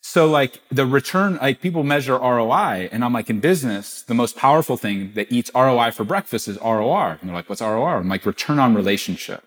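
A middle-aged man, a podcast guest, telling a business story with animated quoted dialogue. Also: mid-range voice, fast, few pauses. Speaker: guest, gift-giving business founder.

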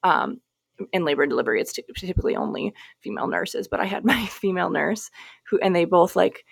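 A woman's voice: fairly low pitch, fast, vocal fry, slightly rough, no room sound, studio quality. A young woman hosting a podcast alone at home, telling a personal story in a chatty, candid way with lots of "like" and restarts. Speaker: podcast host. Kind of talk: casual solo podcast storytelling. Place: home, new baby asleep on her chest.

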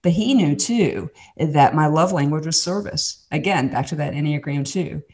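A woman from the States, a podcast guest giving a candid personal testimony as an animated storyteller with many restarts and asides. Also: deep voice, normal speed. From Southern United States.

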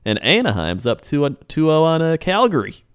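A man's voice: fairly high pitch, sing-song, moderate pace, clear, resonant tone. A man co-hosting a comedy podcast, giving mock weather and sports reports in a laid-back, joking way. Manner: laid-back, joking, frequent laughs and fillers. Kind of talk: casual comedy podcast banter.

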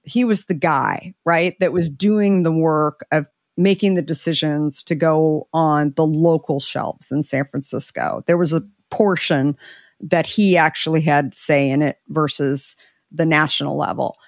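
A middle-aged woman, an interview guest, telling a story in a conversational way, animated and acting out the dialogue she quotes. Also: deep voice, a little slow, no room sound, studio quality.

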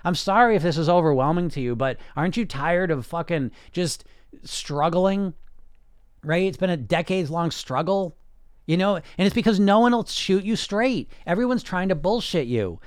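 Male podcast coach, blunt and sarcastic, swears freely, slightly high voice, dry sound. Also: expressive, normal speed, clear, resonant tone, no echo. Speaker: weight loss coach and podcast host. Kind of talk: casual podcast monologue.

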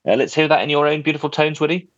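A man's voice: a little high, very fast, no room sound, highs cut off. A man hosting a casual podcast, reading out listener letters with a jokey, teasing manner. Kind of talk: casual chat.

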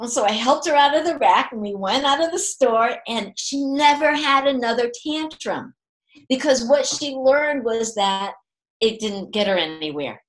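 Older woman, conversational parenting talk, lively storyteller who voices her quotes. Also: on the high side, unhurried, poor audio. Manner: animated, acts out quoted voices, laughs often.

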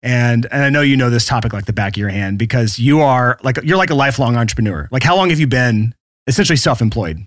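A man hosting a podcast in a casual, upbeat way, with a slightly raspy voice and frequent laughs. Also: mid-range voice, expressive, fast talker, no echo. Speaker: podcast host.

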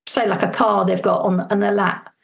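A woman's voice: medium pitch, flat delivery, normal speed, creaky, low-quality recording. A woman, a parenting coach speaking as a guest in a podcast interview, earnest and fluent, explaining with acted-out everyday examples. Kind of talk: conversational advice in a podcast interview.

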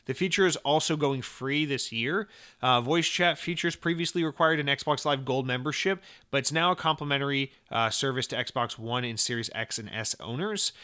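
A man hosts a casual gaming podcast, chatting about games and news with a bright, forward tone. He talks in an animated way, swears often and breaks into sudden exclamations. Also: medium pitch, moderate pace, clear, resonant tone. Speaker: podcast host.

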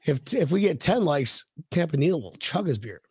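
A man co-hosting a casual sports podcast livestream, excitable, stammering through restarts and reading out viewer comments. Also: fairly high pitch, moderate pace, slight background noise. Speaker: podcast co-host.

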